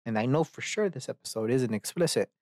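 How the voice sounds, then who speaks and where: A man hosting a solo podcast in a loose, rambling way, swearing freely and wandering off topic. His voice sits at a middling pitch for a man. It is recorded close on a podcast mic with a dry, dead sound. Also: expressive, fairly quick, darkish tone, no echo. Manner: rambling and profane, self-mocking asides. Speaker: podcast host.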